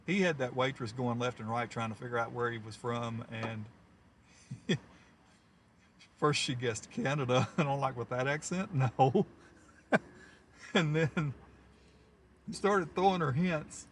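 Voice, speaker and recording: A man of ordinary pitch talks loosely from his car during a storm-chasing stream, drifting between stories and quick chuckles. A faint background hum sits under his voice. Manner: chatty, rambling storyteller who chuckles often. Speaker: storm chaser streaming live. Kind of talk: casual live-stream chat.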